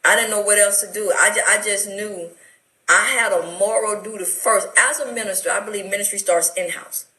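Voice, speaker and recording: A woman's voice: mid-range voice, brisk, sharp tone, reverberant, poor audio. A middle-aged woman with an Atlanta accent, telling her life story with emotional, preacherly fervor as a talk show guest. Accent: Atlanta, Southern US. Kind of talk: testimony in a radio talk show interview.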